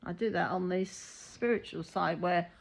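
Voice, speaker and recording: A woman's voice: on the low side, a little slow, vocal fry. A woman, a reiki healer talking in a blunt, matter-of-fact monologue and acting out the voices of people she quotes. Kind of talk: casual spoken monologue.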